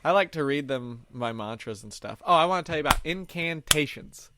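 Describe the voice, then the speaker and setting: A man's voice: fairly high pitch, lively intonation, brisk, very noisy. A young man hosting a podcast, rambling casually through stories and laughing often. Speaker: podcast host. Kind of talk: casual chat.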